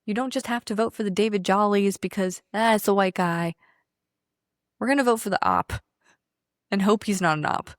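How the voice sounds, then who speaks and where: A woman's voice: mid-range voice, normal speed, long pauses, no echo, clean studio sound. A woman co-hosting a podcast in casual political chat, emphatic and profane, laughing often. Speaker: podcast co-host.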